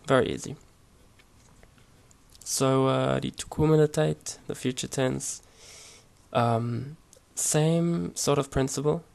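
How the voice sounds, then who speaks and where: A man explaining grammar over his slides in a relaxed, hesitant way, with many fillers and restarts. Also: mid-range voice, slow pace, vocal fry. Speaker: language teacher. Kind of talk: casual slide-based language lesson.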